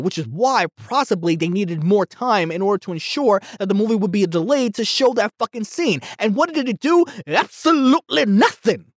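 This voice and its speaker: Heated rambling man, high voice. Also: no echo, clean studio sound. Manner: heated, rambling, stumbling restarts. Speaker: movie reviewer. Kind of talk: casual movie rant.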